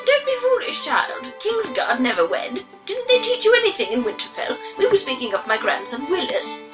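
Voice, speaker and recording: Woman playing an elderly noblewoman, blunt, scolding, high voice, lively swoops, music behind. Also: moderate pace, low-quality recording. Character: sharp-tongued elderly noble grandmother.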